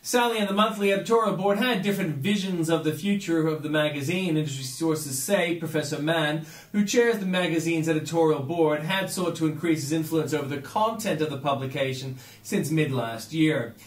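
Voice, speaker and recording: A man's voice: a little high, a little fast, few pauses, roomy sound. A man from Australia reading a run of news headlines, adding dry, sardonic asides between items.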